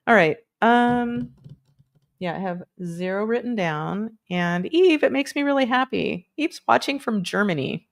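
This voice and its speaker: A woman's voice: mid-range voice, animated, a little slow, gravelly. A woman hosting a casual livestream, chatting in a rambling, playful way with lots of fillers and asides. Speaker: livestream host.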